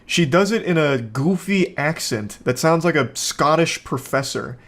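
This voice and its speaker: A man hosting a comedic commentary on a viral video, talking in a sarcastic, deadpan way. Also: a little high, measured pace.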